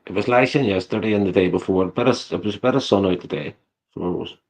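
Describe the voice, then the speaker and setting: A man's voice: lowish voice, fast talker, darkish tone. A man in casual banter on a livestream, swearing often and repeating his own phrases. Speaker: livestream guest.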